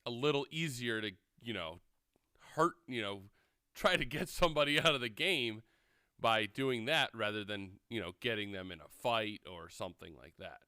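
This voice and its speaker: A man in a radio debate, speaking hesitantly with many halting fillers. His voice is low but bright and crisp, and the sound is close and dry. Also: expressive, no echo.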